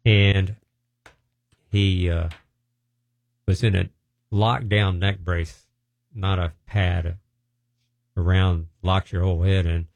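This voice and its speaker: Man, middle-aged, deep gravelly voice, rambling testimony style. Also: little pitch movement, slow, long pauses, a little mellow, no echo. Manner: rambling storytelling with restarts. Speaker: preacher sharing healing testimonies. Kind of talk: informal testimony talk.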